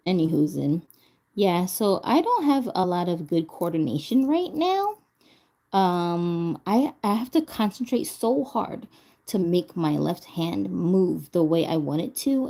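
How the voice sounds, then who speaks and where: A woman's voice: on the low side, warm tone. A woman vlogger chatting casually as she crafts, laughing often and talking to herself while she recovers from a stroke. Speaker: doll vlogger.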